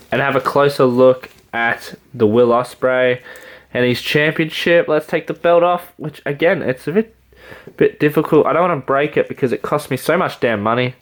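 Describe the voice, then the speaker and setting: Brief: Australian male toy reviewer, mid-pitched, chatty and excitable, rambles. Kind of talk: casual figure review.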